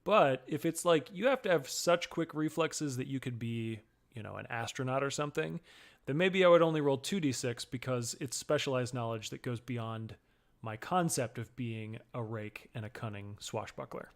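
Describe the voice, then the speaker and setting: Male co-host, mid-pitched, patient rules-explainer tone. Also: moderate pace. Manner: explanatory, walks through rules with examples. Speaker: co-host and player. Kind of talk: casual chat explaining game rules.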